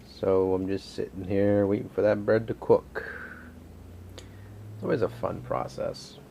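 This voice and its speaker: A man's voice: lowish voice, level tone, a little slow, vocal fry, warm tone, a little hiss or hum. A man hosting a casual home cooking vlog from his kitchen, rambling and joking as he cooks and chats to his dog.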